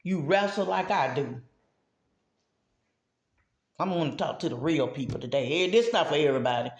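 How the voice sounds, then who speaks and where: Gravelly, preachy woman in an echoey room. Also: low voice, animated, normal speed. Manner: preachy, emphatic, addresses listeners directly. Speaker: mental health advocate. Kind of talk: motivational talk to camera.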